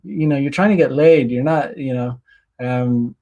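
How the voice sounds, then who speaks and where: A man's voice: medium pitch, normal speed, warm tone. A young man hosting a casual livestream, rambling crudely with many fillers and frequent laughs while reading chat messages. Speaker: streamer host reading chat.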